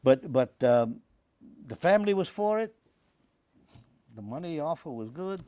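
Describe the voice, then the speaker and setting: A man, telling his life story in a rambling, halting way in an oral history interview. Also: fairly high pitch, animated, warm tone, no room sound. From Staten Island, New York. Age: 90s. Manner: rambling, halting, with many restarts. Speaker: interviewee, WWII veteran.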